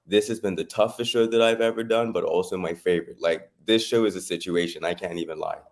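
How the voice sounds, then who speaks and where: A man's voice: deep voice, fast. Emphatic male co-host. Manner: emphatic, repeats short phrases, playful. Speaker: co-host and theater actor. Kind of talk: casual studio banter.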